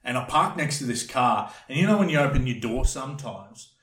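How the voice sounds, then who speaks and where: Aussie bloke spinning a yarn, swears a lot, echoey room. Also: male voice, medium pitch, fairly quick. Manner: rambling, animated, swears freely. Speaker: podcast guest telling a story. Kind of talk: casual storytelling.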